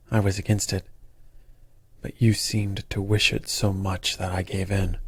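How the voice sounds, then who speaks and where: A man's voice: lowish voice, breathy edge, dry recording. A man doing a cross, scornful elder brother. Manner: scornful scolding. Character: bad-tempered elder brother, a cross fisherman.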